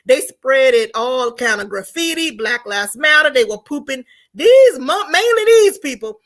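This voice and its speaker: A woman's high, bright voice carries an unscripted political commentary monologue. She talks emphatically and preachily, hammering her viewers with rhetorical questions. On the points she cares about most, her voice climbs into shouting. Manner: rises to shouts on key points.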